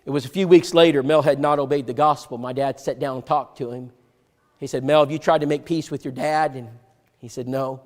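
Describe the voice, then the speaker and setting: A man preaching a sermon, telling a personal story and acting out the dialogue, swinging from loud to hushed. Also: mid-range voice, fairly even intonation, brisk. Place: church sanctuary. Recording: long hall reverb.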